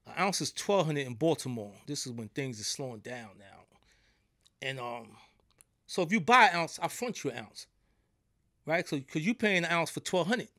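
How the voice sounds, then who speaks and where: This podcast guest, a middle-aged New Yorker with the accent to match, tells stories in a relaxed, streetwise manner, frequently tossing in "you know what I'm saying." His fairly high, animated voice is pushed and bright at a moderate pace, captured in studio quality with no echo.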